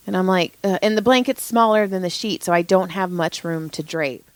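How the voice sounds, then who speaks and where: A woman's voice: fairly low pitch, brisk, dry recording. A young woman co-hosting a podcast, venting anecdotes in casual, profane chat. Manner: profane, animated storytelling. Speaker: podcast co-host, massage therapist.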